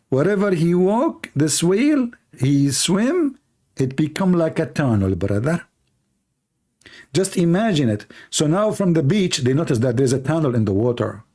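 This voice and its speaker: A man's voice: fairly high pitch, sing-song, a little slow, darkish tone. Sarcastic man with non-native English. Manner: sarcastic, jokey, repetitive. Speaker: livestream host. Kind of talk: mocking religious commentary.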